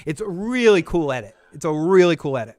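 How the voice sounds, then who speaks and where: A man's voice: fairly high pitch, very animated, fast talker, darkish tone. A man co-hosting a casual TV commentary podcast, enthusiastic and profane, laughing often as he talks. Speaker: podcast co-host.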